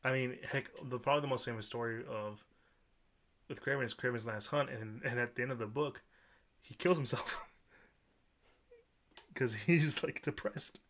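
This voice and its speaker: A man's voice: mid-range voice, a little slow, long pauses, a bit bright. A man co-hosting a casual podcast, rambling and often restarting his sentences. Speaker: podcast co-host. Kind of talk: casual chat.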